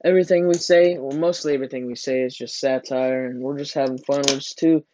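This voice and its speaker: A man's voice: medium pitch, fairly even intonation, fast talker, dark tone, muffled recording. A teenage boy hosting a casual podcast with a friend, rambling and joking with frequent laughs. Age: teens. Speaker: podcast host.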